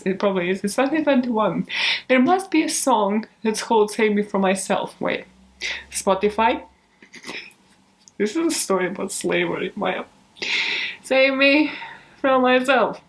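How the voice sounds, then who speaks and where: A woman's voice: mid-range voice, expressive, moderate pace. A woman who hosts a true crime channel, chatting casually in outtakes, giggling, mocking herself and swearing freely. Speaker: true crime YouTube host.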